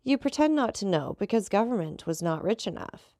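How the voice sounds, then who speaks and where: A man's voice: high-pitched, sing-song, a little fast, darkish tone, no room sound. A woman voicing a teasing young man making dry remarks. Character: young male dandy, wry teasing friend.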